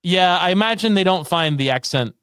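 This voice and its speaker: A man, a guest sports broadcaster, chatting on sports radio with animated talk and quick restarts. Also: high-pitched, clean tone. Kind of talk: casual sports radio chat.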